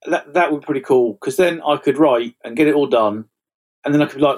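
A man, a fantasy author chatting as an interview guest, self-mocking and quick to laugh at his own stories. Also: medium pitch, darkish tone. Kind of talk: casual interview chat.

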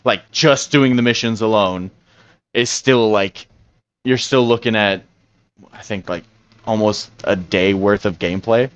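A man's voice: on the low side, unhurried, clean tone, no echo, lo-fi sound. A man co-hosting a podcast, talking casually and rambling with frequent restarts and fillers. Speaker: podcast co-host. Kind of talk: casual chat.

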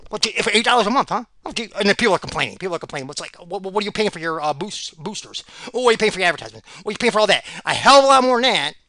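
A man's voice: sits high, expressive, racing, pushed and bright. A man giving rambling solo commentary on fight picks, sarcastic and ranting, repeating himself.

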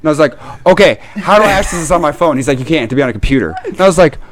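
A man with a Midwestern American accent, telling a long story as a podcast co-host in a casual chat, animated and full of swearing and laughs. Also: a little high, rapid-fire, slight background noise. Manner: animated, profane ranting with frequent laughs.

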